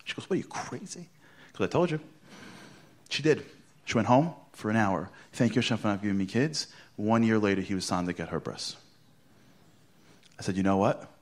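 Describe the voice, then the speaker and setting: A middle-aged motivational speaker from Brooklyn, New York, tells an animated story to a crowd in a slightly low voice, theatrically acting out every line of dialogue. He swings from loud bursts to near whispers, dropping to a hush for punchlines, and speaks at normal speed with frequent pauses.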